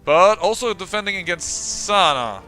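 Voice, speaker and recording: A man with a bright, somewhat high voice talks through his game session. He thinks aloud and often trails off or restarts mid-sentence, with faint game music underneath. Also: expressive, moderate pace. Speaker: let's-play host. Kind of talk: game commentary.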